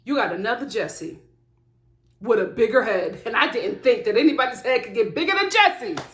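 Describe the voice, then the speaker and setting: A woman giving a casual, animated recap of a reality TV episode, laughing often and talking back to the screen. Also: on the high side, normal speed, slight background noise. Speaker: TV show reviewer. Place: home filming setup. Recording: echoey room.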